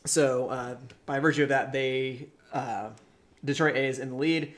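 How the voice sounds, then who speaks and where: Male co-host, mid pitch, even and analytical, dry humor, casual podcast from a house. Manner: measured, analytical, with dry jokes. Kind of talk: casual tournament recap chat. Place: shared rental house, indoors.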